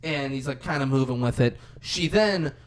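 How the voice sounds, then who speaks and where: A man's voice: mid-range voice, lively intonation, moderate pace. A man co-hosting a podcast, retelling a film's scenes in casual chat and acting out the characters' lines with lots of swearing. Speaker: podcast co-host. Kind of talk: casual movie recap chat.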